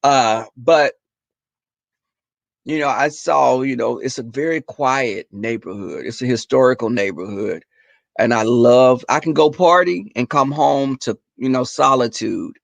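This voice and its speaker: Gravelly, animated man chatting casually. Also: medium pitch, unhurried, no echo. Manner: profane, animated storytelling, talks to viewers as y'all. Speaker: livestream host. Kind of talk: casual chat to viewers.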